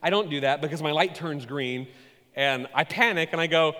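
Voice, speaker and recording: A man preaching a sermon, telling stories with animated, self-mocking humor. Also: fairly high pitch, fairly quick, long reverb tail, a little hiss or hum. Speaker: pastor.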